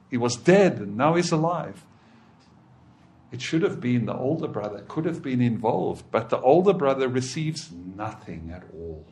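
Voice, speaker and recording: A man preaching a sermon, emphatic and repeating phrases, swinging from loud declarations to hushed tones. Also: medium pitch.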